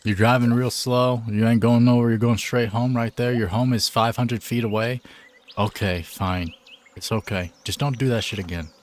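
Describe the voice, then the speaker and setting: Casting: male game streamer, mid-pitched, easygoing and slangy, joking with chat, faint background noise. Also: steady tone, moderate pace. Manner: laid-back, joking, slangy. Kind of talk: casual live-stream chat.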